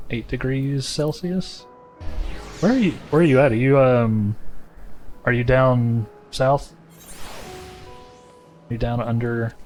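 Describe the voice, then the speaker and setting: A man's voice: medium pitch, darkish tone. A man chatting casually with his viewers while playing a game, easygoing and talkative. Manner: easygoing, chatty, addresses chat directly. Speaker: livestreamer.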